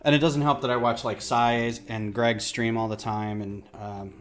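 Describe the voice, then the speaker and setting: A man's voice: medium pitch, steady tone, normal speed, faint music behind. A man chatting casually on a livestream while he builds, rambling and self-deprecating. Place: home office.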